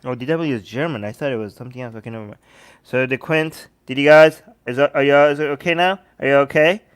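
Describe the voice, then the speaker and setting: A man hosting a livestream, reacting to videos with sarcastic, animated commentary and talking to his chat. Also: medium pitch, fast talker, clean tone. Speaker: livestream host.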